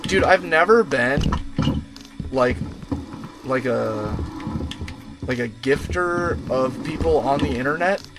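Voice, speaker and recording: A man's voice: mid-range voice, animated, takes it slowly, pauses often, background noise. A young man chatting casually and slangily on a long gaming livestream from inside a van, often cooing to his dog. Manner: laid-back slangy, talks to his dog. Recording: music playing behind.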